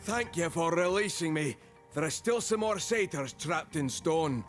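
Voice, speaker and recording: A man voicing a grateful male satyr in a video game, speaking politely and clearly. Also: on the high side, animated, measured pace, soft background music. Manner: polite, plainly spoken.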